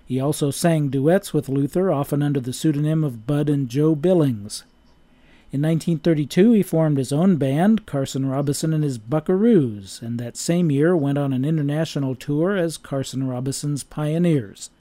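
A man reading a scripted narration in an even, measured way. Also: a little high, no room sound.

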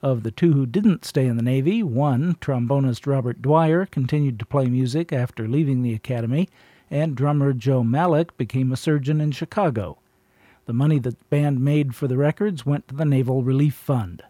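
A man hosting a vintage record show in measured, scripted narration. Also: mid-range voice, dark tone, dry recording. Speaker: radio show host.

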